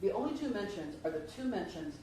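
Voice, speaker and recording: A woman's voice: medium pitch, sing-song, a little fast, mellow. A woman minister, giving a conversational Easter sermon and asking the congregation questions, heard from a distant mic in a church. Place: church sanctuary. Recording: distant mic, very echoey hall, faint noise.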